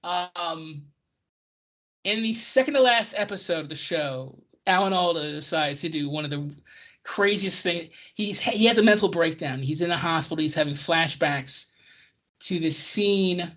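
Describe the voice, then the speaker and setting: A podcast co-host in casual chat about old television, ranting in an excitable way. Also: mid-range voice, measured pace. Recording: dull lo-fi recording.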